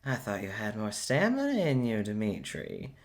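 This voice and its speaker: A man's voice: on the low side, wildly swooping pitch, moderate pace, voice pushed down. A man voicing a tipsy, pompous nobleman with a lazy, self-satisfied drawl. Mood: smug, drawling. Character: sardonic drunken male noble, pompous.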